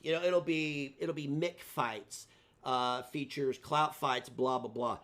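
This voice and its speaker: A man's voice: medium pitch, slow pace, fairly bright tone. Sarcastic man ranting on a live stream. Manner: sarcastic, taunting. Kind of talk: mocking live stream rant.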